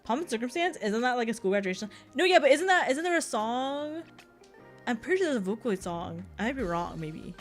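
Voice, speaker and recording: A woman's voice: a little high, lively intonation, a little fast, faint music behind. A young woman streaming, chatting casually with her chat, laughing often and tripping over restarts. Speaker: VTuber streamer.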